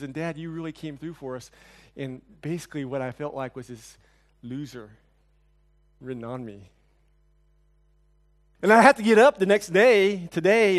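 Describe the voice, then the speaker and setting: A man preaching a sermon, telling a personal story with lively, animated delivery that drops to hushed, somber tones. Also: on the high side. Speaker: pastor.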